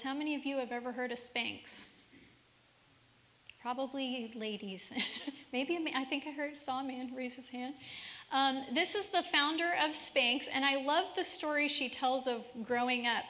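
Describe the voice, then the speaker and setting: High-voiced woman speaking in a reverberant hall. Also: moderate pace, pushed and bright. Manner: asks the audience many rhetorical questions. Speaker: seminar speaker. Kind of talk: faith-based parenting seminar talk. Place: church seminar room.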